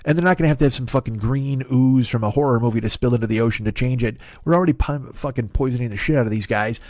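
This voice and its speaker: A man's voice: medium pitch, fast, darkish tone, dry recording. A man in his forties hosting a podcast, telling a rambling comedic story, cursing freely and cutting himself off mid-thought. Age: 40s. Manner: profane, digressive, self-interrupting. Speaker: podcast host.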